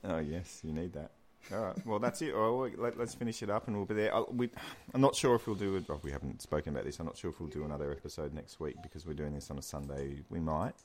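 A man's voice: sits low, quick pace, a little mellow, a little hiss or hum. A man hosting a casual gaming podcast, steering the chat, laughing and swearing. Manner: leads the talk, laughs a lot, swears. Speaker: podcast host.

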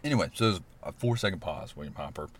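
A man's voice: low voice, animated, racing, slight background noise. A man, animatedly telling a story in casual podcast chat, laughing often. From Alabama. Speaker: podcast guest.

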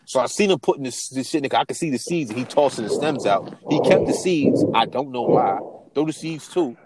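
A man's voice: medium pitch, brisk, heavy background noise. A man co-hosting a podcast, telling stories in casual, profane chat, acting out quotes and laughing often. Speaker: podcast co-host.

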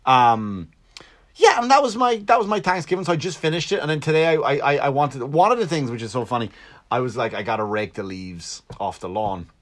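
An Irishman hosts his own solo podcast from his Long Island home, his medium-pitched voice expressive and fairly quick. It's a casual, comedic monologue in which he rambles, swears freely, and cracks self-mocking jokes.

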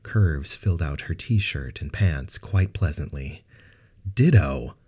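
A man narrating a science fiction audiobook in a steady, even reading. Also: a bass voice, measured pace, husky. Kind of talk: scripted narration.

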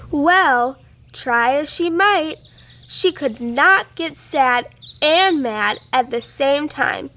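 A woman reads a children's storybook aloud, taking her time over each sentence. Her voice is high with a gravelly edge, and a faint sound of birds can be heard behind her. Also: a little hiss or hum. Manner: gentle, unhurried reading.

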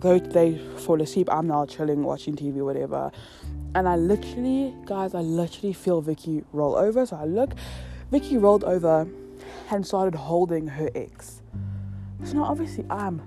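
A woman's voice: on the low side, moderate pace. A young woman telling a casual storytime to her viewers, swearing a lot and acting out the quotes. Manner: heavy swearing, animated storytelling with acted quotes. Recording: music playing behind.

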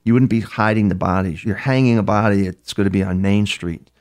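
A man's voice: fairly low pitch, a little fast. An older man, a criminal profiler, telling long anecdotes in an interview, with frequent restarts. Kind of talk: interview storytelling.

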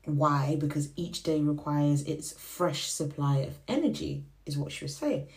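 A young woman whose first language is Shona hosts a podcast, telling a faith reflection in a casual, animated way and acting out the voices she quotes. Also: deep voice, measured pace, vocal fry. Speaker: podcast host.

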